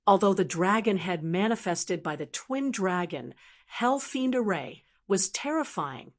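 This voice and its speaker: Woman narrating a fantasy audiobook. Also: medium pitch. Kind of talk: scripted narration of a fantasy novel.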